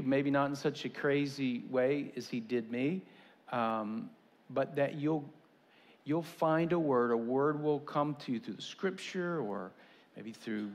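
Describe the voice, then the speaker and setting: A man's voice: mid-range voice, big-room sound. A man giving a conversational sermon as a pastor, with casual asides and restarts.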